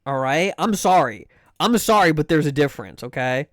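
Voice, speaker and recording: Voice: mid-range voice, moderate pace, no room sound. Ranting young streamer, dry sound. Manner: animated, swearing rants; talks to chat between game guesses. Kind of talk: casual live-stream chat.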